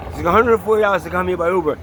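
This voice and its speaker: A man vlogging about his own troubles, swinging from halting talk into an angry, profane rant full of rhetorical questions. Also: sits high, slight background noise. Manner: halting with many restarts when calm. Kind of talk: personal video diary and rant.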